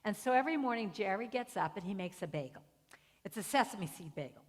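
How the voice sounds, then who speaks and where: A middle-aged woman speaker tells warm personal stories from the pulpit. She jumps into the voices of the people she describes. Her voice carries with a long reverb through the hall, at a middling pitch. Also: animated, quick pace. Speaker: guest speaker. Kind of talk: storytelling sermon. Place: spiritual center hall.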